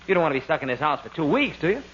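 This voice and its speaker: A man's voice: fairly high pitch, big pitch swings, very fast, fairly bright tone. An actor playing a cheerful, scheming male ghost who talks breezily, in 1940s radio comedy acting. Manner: breezy and persuasive. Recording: dull, lo-fi old radio broadcast with faint hiss.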